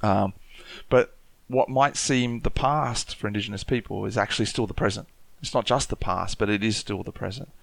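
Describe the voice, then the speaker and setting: A man's voice: on the low side, moderate pace, creaky, no room sound. An Australian man with an Aboriginal Australian accent, talking thoughtfully in a casual panel discussion, with many restarts. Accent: Aboriginal Australian English.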